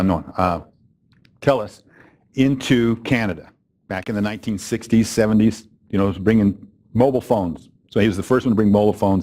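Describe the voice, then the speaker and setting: A man's voice: fairly low pitch, a little mellow. A middle-aged man telling a story to a live training audience, chatty and conversational, with fillers and self-corrections. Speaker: speaker opening a training event. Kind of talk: storytelling keynote talk.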